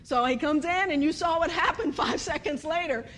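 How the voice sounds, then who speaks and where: A woman giving a humorous sermon, animated and storytelling, acting out bits of dialogue and laughing often. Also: high voice, normal speed. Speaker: speaker at a church service.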